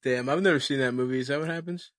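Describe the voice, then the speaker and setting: A man's voice: medium pitch, fast. A man co-hosting a comedy podcast, joking crudely and laughing often. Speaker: podcast co-host. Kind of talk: casual comedy chat.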